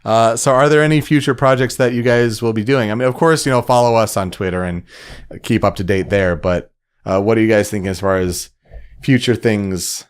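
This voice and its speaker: A man hosting a casual podcast chat, relaxed and asking his co-hosts questions, with plenty of fillers. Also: fairly low pitch, fairly quick, clear, resonant tone. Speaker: podcast host.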